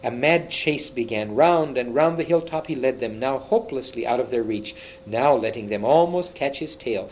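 A man's voice: mid-range voice, lively intonation, normal speed, few pauses, a little mellow, slight background noise, low-quality recording. A man reading a children's fantasy book aloud, with small slips and restarts. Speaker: reader.

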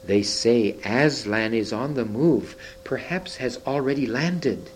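A man voicing a timid, secretive male beaver in a hoarse, throaty whisper, read from a storybook. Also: medium pitch, sing-song, moderate pace, a little hiss or hum, rough recording. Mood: hushed urgent. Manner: hushed and urgent. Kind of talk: reading a storybook aloud.

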